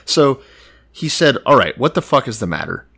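A man in his thirties co-hosting a casual comedic chat, retelling a story with dry, deadpan swearing. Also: mid-range voice, normal speed, gravelly, breathy edge. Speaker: podcast co-host.

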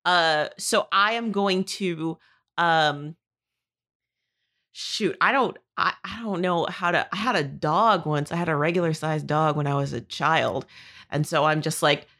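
Woman player, bright and crisp-toned, excitable and rambling. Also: deep voice, a little slow. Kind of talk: tabletop game play, casual chat.

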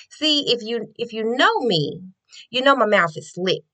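A young woman tells her story in a lively, chatty voice. She keeps calling her listeners "y'all" and talks to them like close friends. Her pitch sits in the middle for a woman. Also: brisk. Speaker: nurse. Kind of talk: casual storytelling to viewers.

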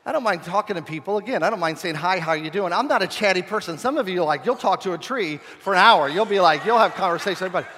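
A man preaching, a pastor telling a humorous story in a relaxed, conversational sermon. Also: sits high, rapid-fire, few pauses. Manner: humorous, conversational, self-deprecating. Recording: long reverb of a large hall.

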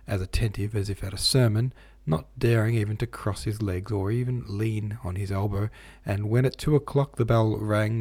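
Reading a classic novel in a measured, steady way, this male audiobook narrator breaks off at times to explain footnotes. He has a low, husky voice.

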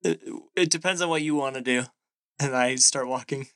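A young man playing his character in a tabletop game, dry-humored and lively. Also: medium pitch, normal speed. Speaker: player. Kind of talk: tabletop role-play.

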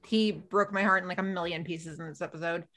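On her podcast, a woman walks through a TV episode in easygoing chat, lively and voicing the characters as she goes. Her voice is on the low side and fairly quick.

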